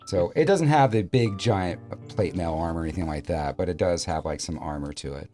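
A man narrating as game master in a relaxed, halting way with many fillers. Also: low-pitched, soft background music.

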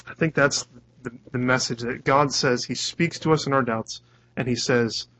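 A man's voice: medium pitch, steady tone, moderate pace, fairly bright tone, breathy edge. A man preaching a sermon as a pastor, earnest and conversational, often restarting his words. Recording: dull lo-fi recording.

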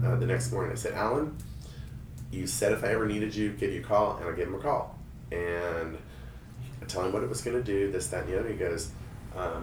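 Low-voiced man telling animated stories. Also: background noise. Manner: animated, acts out quoted voices. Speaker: hairstylist and guest storyteller. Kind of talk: casual storytelling chat. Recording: roomy, a bit distant, faint room ambience.

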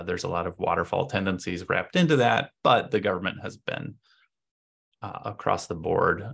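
A man with a very low voice speaks as a podcast guest. There is a gravelly fry running through his words. He gives long, explanatory answers in casual interview talk and works out his points aloud. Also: a bit bright. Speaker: podcast guest, agency co-owner.

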